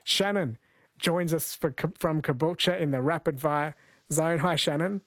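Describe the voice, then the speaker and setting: A man's voice: fairly high pitch, a little slow, no echo. A man hosting a late-night radio quiz in a friendly, chatty way, laughing easily.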